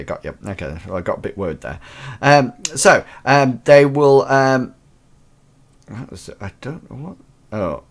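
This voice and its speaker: Rambling man hosting a show. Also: mid-range voice. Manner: chatty, waffling, full of restarts and fillers. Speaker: host of a teaching show. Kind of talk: rambling live show monologue.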